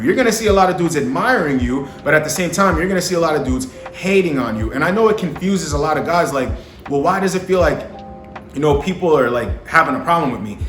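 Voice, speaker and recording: A young man talking casually to camera about dating, slangy and profane, often asking the listener if they understand. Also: on the high side. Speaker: vlogger giving dating advice to men. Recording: echoey room with faint music.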